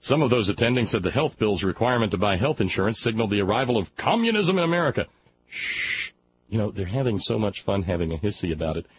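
Reading a news item on his talk radio show, a man from Alabama keeps veering into mocking, sarcastic asides, offering sardonic commentary. He has a lowish, sing-song voice and a quick pace, and the sound is lo-fi with a bit of hiss or hum.

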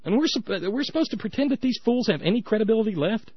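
A man hosting a political call-in radio show, ranting with sarcastic, mocking energy. His pitch swings widely and often jumps up high. The sound is dry and a little dull, like a radio broadcast. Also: lively intonation, quick pace, breathy edge, no echo. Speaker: radio talk show host.

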